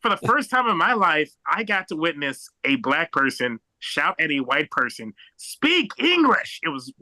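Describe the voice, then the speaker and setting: A young American man doing a stand-up set over a video call, halting and rambling with many fillers and restarts. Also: a little high, bright, forceful tone, no echo, rough recording. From United States. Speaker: stand-up comedian.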